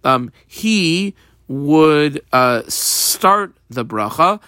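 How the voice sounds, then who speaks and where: A man's voice: a little high, animated, bright, forceful tone, no room sound, studio quality. A man teaching a Talmud class, reading the text and explaining it step by step with frequent fillers and restarts. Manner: halting, with many fillers and restarts, mixing Hebrew and Aramaic terms.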